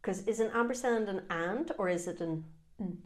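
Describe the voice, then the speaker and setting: A woman's voice: medium pitch, normal speed. Cheeky, sweary Irish woman. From Ireland. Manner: sweary, cheeky, combative banter. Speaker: podcast co-host. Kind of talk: casual chat over whiskey tasting.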